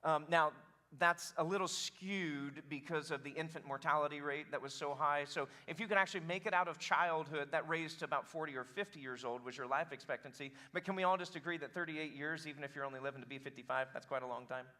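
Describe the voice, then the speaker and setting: Guy pastor preaching, kinda high voice, joking around, gets the crowd to say stuff back. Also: fast talker. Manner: animated, joking, calls for congregation response. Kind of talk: sermon.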